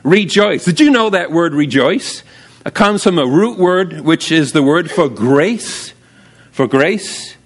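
Guy preaching in a church, high voice, really lively, asks for amens and shouts out now and then. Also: slow pace. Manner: animated, calls for amens, sudden shouts. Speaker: pastor. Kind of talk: sermon. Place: church sanctuary.

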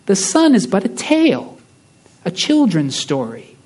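A man reading the part of a soft-spoken female witch queen, slow and cooing, in a sermon. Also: high-pitched, wildly swooping pitch, full character voice. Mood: coaxing. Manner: slow, cooing, softly repeating.

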